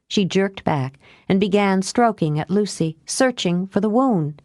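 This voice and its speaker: A woman reading an audiobook aloud, lifting her pitch for dialogue and dropping low for the narration. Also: lively intonation, unhurried, darkish tone, no room sound, studio quality. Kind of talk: audiobook narration with character voices.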